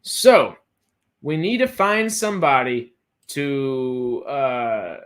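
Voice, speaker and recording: A man's voice: medium pitch, expressive, drawn-out words. A man from Texas hosting a casual livestream chat, rambling with frequent restarts and fillers. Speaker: host.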